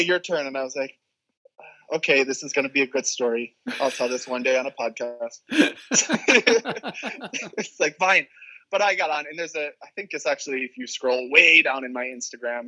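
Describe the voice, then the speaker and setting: Young man, bright and forceful tone, laughing storyteller, podcast guest. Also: mid-range voice, normal speed, low-quality recording. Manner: laughs often, animated storytelling with quoted voices.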